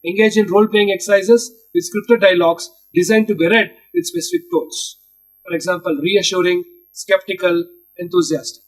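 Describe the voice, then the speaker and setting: A husky man teaches by reading his notes aloud in a steady, list-like way. His voice sits high for a man. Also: normal speed, low-quality recording.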